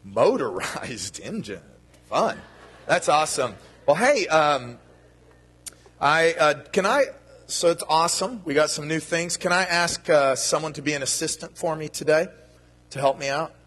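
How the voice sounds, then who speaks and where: Man, children's sermon, playful and chatty, slightly high voice, long church-hall reverb. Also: moderate pace, fairly bright tone. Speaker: pastor giving a children's sermon.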